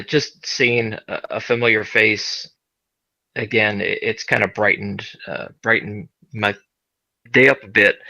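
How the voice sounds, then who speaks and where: Young guy roleplaying a character, low gravelly voice, kinda dull lo-fi mic. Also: sharp tone, no echo. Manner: hesitant, halting with "uh". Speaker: player. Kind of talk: in-character tabletop role-play.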